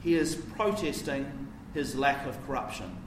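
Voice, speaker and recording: A man with a medium-pitched voice and lively intonation preaches at a measured pace, explaining conversationally and asking his listeners questions. There's slight background noise, and the recording sounds roomy, with a distant mic and faint ambience.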